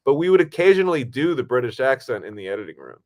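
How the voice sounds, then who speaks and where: A man co-hosting a podcast, telling a story casually in a lively, profane way. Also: mid-range voice, quick pace. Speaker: podcast co-host and actor. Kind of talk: casual chat.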